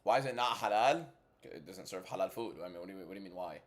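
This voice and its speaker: Speaking fast in a low voice, this MMA livestream host runs a casual fight watchalong and trades blunt banter with his chat. Sometimes he keeps to a quiet inside voice; other times he gets loud and hyped.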